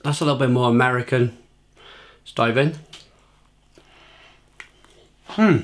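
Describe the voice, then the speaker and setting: A man's voice: medium pitch, a little fast. A British man in his thirties chatting casually to camera as a food reviewer, repeating himself and talking while he eats.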